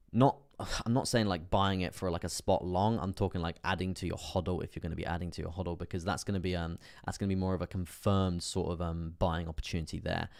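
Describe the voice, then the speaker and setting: With a low, gravelly, darkish voice, a man hosts a live trading stream, reading out chart analysis in a casual way packed with fillers. He's chatty and laughs often while reading chat, and the studio sound is clean with no echo.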